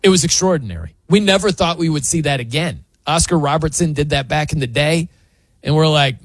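A man's voice: fairly high pitch, fairly quick, dry recording. A man hosting a sports talk show, ranting in disbelief as he argues his opinions. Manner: animated, incredulous ranting.

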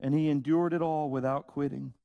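A man preaching a sermon, slow and emphatic, with dramatic pauses and rhetorical questions. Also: on the high side, steady tone, gravelly, dry recording, dull audio. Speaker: pastor.

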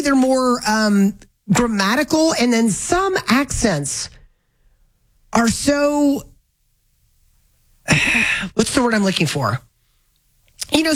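A woman from Northern Florida hosting a talk radio show, chatting in a casual, opinionated way with lively exclamations. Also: fairly high pitch, rough recording. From Northern Florida, USA. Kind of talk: casual on-air banter.

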